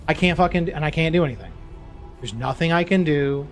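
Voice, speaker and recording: A man's voice: a little high, fairly quick, faint music behind. Exasperated swearing man streaming a game. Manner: swears a lot, exasperated ranting. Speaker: streamer playing a video game. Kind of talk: frustrated live gameplay commentary.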